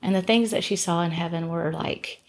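Earnest woman telling a personal story. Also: normal speed. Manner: earnest, tumbling restarts and self-corrections; acts out quoted voices with lifted pitch. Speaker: guest, gospel singer. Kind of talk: casual storytelling in conversation.

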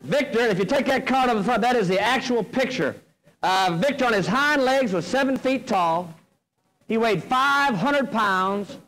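A middle-aged man with a drawl spins a comic tale from the stage, his voice pitched unusually high. He talks in a folksy, animated way and lands each punchline with easy timing. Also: normal speed, low-quality recording. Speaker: motivational speaker. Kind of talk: humorous storytelling speech. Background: audience laughter.

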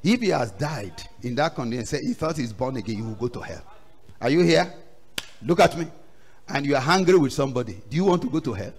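Male pastor, sermon, higher voice, dramatic loud-soft swings, acts out story voices. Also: animated, fast. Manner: preaching with sudden loud rises and low drops.

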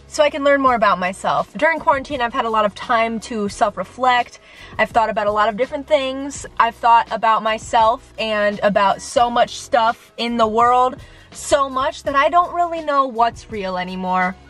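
A woman's voice: a little high, fairly bright tone. A young woman vlogging to camera in a rambling, self-deprecating casual chat, a little nervous. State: sweaty and nervous.

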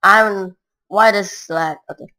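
In a rough recording, a woman with a mid-range voice speaks unhurriedly, her tone pushed and bright. She's a gamer giving loose, rambling commentary on her play in broken non-native English, peppered with filler words.

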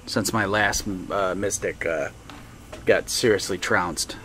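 A man's voice: deep voice, slow pace, music in the background. A man streaming a video game, chatting casually, thinking aloud and laughing often. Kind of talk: casual live-stream chat while playing.

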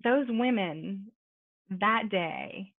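This American woman draws out her words in a medium-pitched voice while recounting her recovery at a support meeting on a video call. Her testimony is casual and loaded with fillers and side remarks. The recording is dry, with the tinny quality of phone-style call audio.

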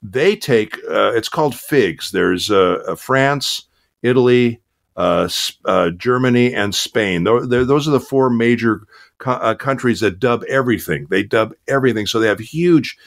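A man's voice: medium pitch, moderate pace, gravelly. An older man, a voice actor, chatting casually in an interview and telling stories with many fillers. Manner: relaxed storytelling with many fillers. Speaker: voice actor guest.

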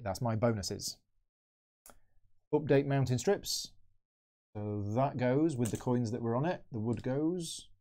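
A man's voice: mid-range voice, warm tone. A man hosting a live solo board game playthrough, chatting and thinking aloud as he moves pieces. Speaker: board game channel host.

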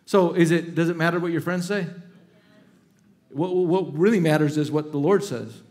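A man's voice: fairly high pitch, moderate pace, darkish tone. A middle-aged male pastor preaching a sermon, reading scripture aloud with dramatic emphasis and breaking into casual asides.

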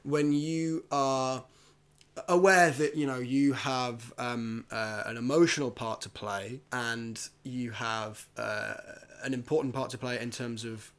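Animated man chatting on a podcast. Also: mid-range voice, slow pace. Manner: animated, restarts, mimics actors. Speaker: podcast host. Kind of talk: casual chat.

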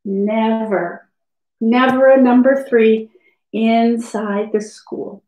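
A woman's voice: a little high, fairly even intonation, very slow, dark tone, reverberant, low-quality recording. A woman teacher giving a lesson to young children in a sing-song, encouraging way.

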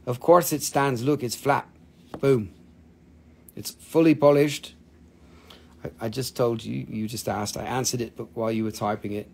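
Man, live mineral sales stream, casual, jokey, curses a lot, average pitch. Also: steady tone, moderate pace, vocal fry, a little mellow. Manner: joking, blunt, swears freely, non-native phrasing.

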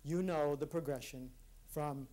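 A man with a fairly high voice giving a personal, reflective talk before a conference audience. He speaks earnestly and haltingly, often restarting his sentences. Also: fairly even intonation, warm tone. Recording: live talk in a hall.

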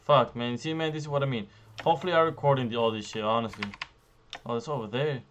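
A young man giving profane, frustrated commentary while playing a survival game, jumping between loud outbursts and low muttering. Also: fast talker, a little hiss or hum. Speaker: gaming YouTuber. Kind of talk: profane live gameplay commentary.

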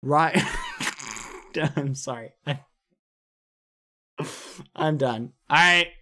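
A man's voice: fairly high pitch, extremely slow, pushed and bright. A man streaming live, chatting casually in a rambling, jokey way.

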